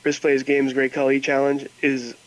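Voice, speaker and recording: A man's voice: mid-range voice, monotone, normal speed, poor audio. Laid-back man calling into a podcast. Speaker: podcast co-host. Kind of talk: casual podcast chat. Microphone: remote call.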